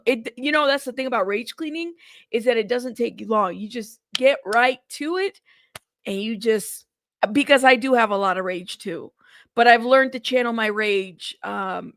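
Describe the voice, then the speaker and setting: A woman's voice: fairly high pitch, fairly bright tone, dry recording, studio quality. A woman hosting a casual livestream, greeting viewers by name and chatting with frequent laughs. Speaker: livestream news host. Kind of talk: casual live chat reading comments.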